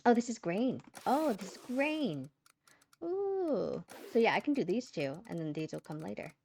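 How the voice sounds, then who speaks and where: A woman's voice: medium pitch, sing-song, normal speed, gravelly, darkish tone. Woman casually thinking aloud over a game. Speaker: gaming channel host. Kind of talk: casual game playthrough commentary.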